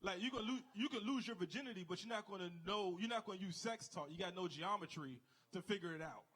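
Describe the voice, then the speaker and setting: A man performs a stand-up set on a comedy club stage. His voice sits high for a man, and he tells his stories by jumping into the exaggerated voices of the people in them. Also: quick pace, a bit bright, breathy edge. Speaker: stand-up comic.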